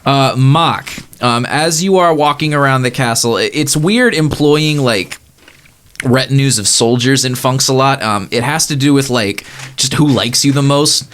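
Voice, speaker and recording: A man's voice: mid-range voice, measured pace, a bit bright, a little hiss or hum. A man narrating as game master in a rambling way, often laughing at his own jokes.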